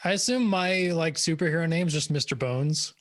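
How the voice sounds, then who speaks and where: A young man with a high voice joins a tabletop game as a player. He tosses out quick jokes and asides in relaxed, casual chat.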